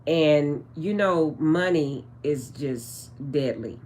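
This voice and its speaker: A woman's voice: low-pitched, slow pace, a little mellow. A woman channeling spiritual messages in a casual vlog, talking straight to her viewers in a chatty way. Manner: chatty, addresses viewers as guys, trails off with um.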